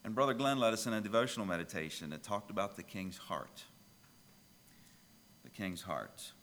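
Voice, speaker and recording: A pastor preaching a sermon, telling a children's story with lively, emphatic delivery. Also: male voice, fairly low pitch, normal speed, big-room sound, a little hiss or hum.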